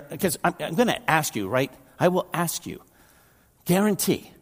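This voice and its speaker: A middle-aged pastor delivers a sermon with a high, wildly swooping voice, joking and acting out scenes. His words ring out through a large reverberant church hall. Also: a little slow, vocal fry. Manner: animated, joking, acts out biblical figures.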